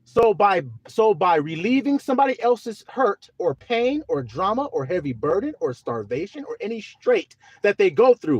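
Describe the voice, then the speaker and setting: Animated high-voiced preacher man. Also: no room sound. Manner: swings from soft talk to shouting, drawls out scripture. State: teary. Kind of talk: livestream sermon.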